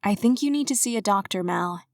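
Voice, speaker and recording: A woman reading an audiobook, voicing a caring young witch who fusses over her friend, a little higher than her narration. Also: lively intonation, normal speed, dry recording, close to an everyday voice. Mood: concerned. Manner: fussing, a little higher and brighter.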